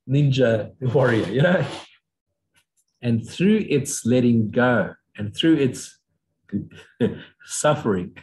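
A man giving an unscripted spiritual lecture, blunt and profane, mocking other views in sudden high voices. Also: poor audio. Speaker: spiritual teacher.

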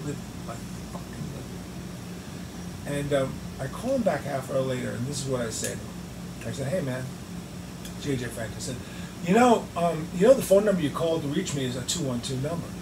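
A man telling an animated, profane story in an interview, acting out both sides of phone calls. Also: mid-range voice, a little fast. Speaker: guest musician. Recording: roomy echo, distant mic, clear background noise.

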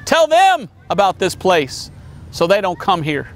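A tormented rich man cries out from the flames, his voice pushed high and strained as he begs for relief. A man acts him out in the middle of a sermon. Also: huge pitch swings, a little slow, a little hiss or hum, full character voice. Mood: pleading anguish. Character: tormented rich man burning in hell, desperate.

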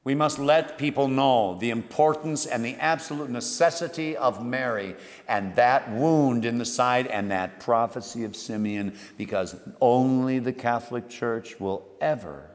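A man preaching a homily as a priest, telling the story dramatically and moving between hushed and emphatic delivery. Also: mid-range voice, a little slow. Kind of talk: sermon. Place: church. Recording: long church reverb.

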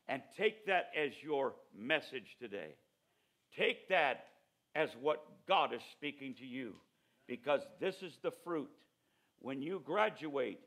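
Male preacher, graduation sermon, high-pitched, fervent delivery. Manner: fervent, building to shouts.

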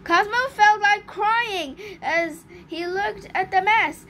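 A woman's voice: very high voice, slow pace, fairly bright tone, a little hiss or hum. A woman reading a children's storybook aloud, with small slips and restarts. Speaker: storybook reader.

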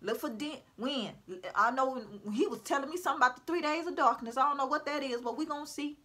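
High bright-voiced woman preaching to viewers. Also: fast. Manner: preachy, repetitive, calls out to her audience. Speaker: self-styled prophetic speaker. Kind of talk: informal religious exhortation to viewers. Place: at home.

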